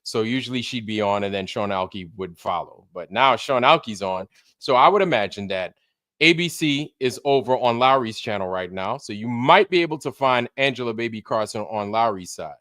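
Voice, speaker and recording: A man's voice: mid-range voice, lively intonation, moderate pace, fairly bright tone, no room sound, studio quality. A man from Brooklyn, hosting a casual livestream and greeting viewers in a loose, profane way. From Brooklyn, New York. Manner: loose and profane, drops into put-on voices. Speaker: livestream host.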